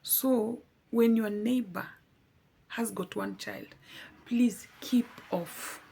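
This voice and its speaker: Slow, gravelly woman giving earnest testimony. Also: a little high, mellow. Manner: earnest, pleading, repeats for emphasis. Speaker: vlogger. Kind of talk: heartfelt personal testimony.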